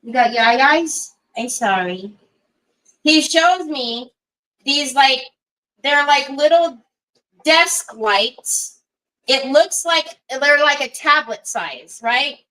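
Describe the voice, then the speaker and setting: A middle-aged woman hosting a craft livestream, chatting in a rambling way while she works and talking softly to a small child beside her. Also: sits high, expressive, slow pace, low-quality recording. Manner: rambling, chatty storytelling with many asides; soothing baby talk to a small child. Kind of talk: casual chat while crafting.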